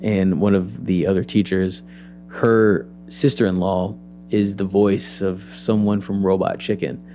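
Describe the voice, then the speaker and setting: A young adult man, an actor and PE teacher, telling his story as an interview guest, lively and acting out the voices he quotes. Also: sits low, a little slow, faint music behind.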